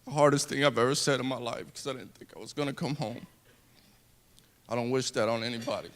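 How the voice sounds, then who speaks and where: A man in his thirties, a wounded veteran, giving an earnest personal speech to an audience, speaking haltingly with restarts. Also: medium pitch, steady tone, a bit bright.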